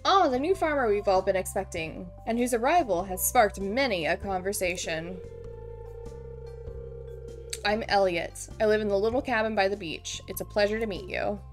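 Lady reading as a flowery theatrical young guy artist, soft game music under it. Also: medium pitch, normal speed, lightly acted. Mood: gracious.

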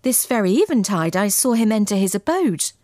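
A woman narrator voicing an eager young man in an old tale, quick in archaic speech. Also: mid-range voice, very animated, dark tone, no echo, clean studio sound, natural voice.

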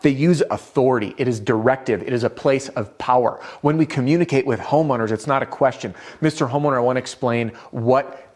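A man giving a direct, upbeat sales coaching lesson to camera, with a self-deprecating touch. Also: mid-range voice. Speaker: sales trainer.

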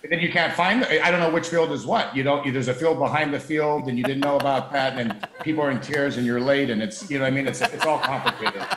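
A man's voice: mid-range voice, fast, few pauses, noisy background. A man in his fifties, an actor from the Chicago area, chatting as a talk show guest in a wry, rambling, self-interrupting way. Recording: roomy studio sound.

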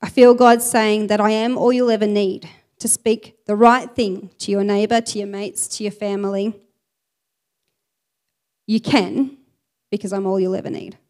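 Expressive woman preaching. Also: medium pitch, moderate pace, pauses often. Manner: expressive, reads scripture aloud with emphasis. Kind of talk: sermon.

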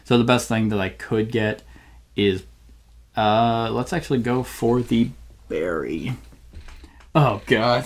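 A man's voice: mid-range voice, slow, long pauses. A man hosting a solo board game playthrough, thinking aloud and often searching for the right word mid-sentence. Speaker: channel host playing a board game solo.

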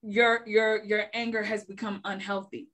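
A woman's voice: medium pitch, little pitch movement, moderate pace, fairly bright tone. A woman in a faith discussion who explains her points steadily, listing them one after another. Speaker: panelist.

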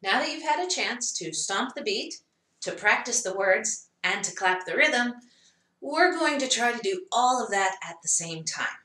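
A woman's voice: on the high side, lively intonation, unhurried, pushed and bright, roomy sound. A woman teaching a music lesson for children, encouraging and chanting the song rhythmically.

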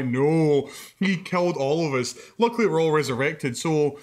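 Animated, swearing young man telling a story. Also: a little high, normal speed. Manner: animated, swears a lot, laughs mid-sentence. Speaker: podcast co-host. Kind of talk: casual storytelling chat.

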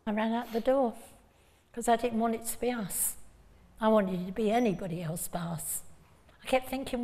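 A woman's voice: fairly high pitch, normal speed, a little mellow. A woman earnestly recounting a painful personal memory as an interview guest. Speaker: bereaved mother, interview guest. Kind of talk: personal testimony. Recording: long hall reverb.

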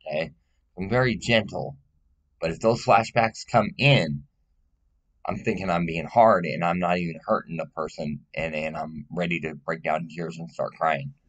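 Deep voiced guy ranting to camera, swears a lot, emotional and rambling. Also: fairly even intonation, moderate pace, fairly bright tone. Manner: blunt, profane, rambling; emotional, pleading. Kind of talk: casual personal monologue.

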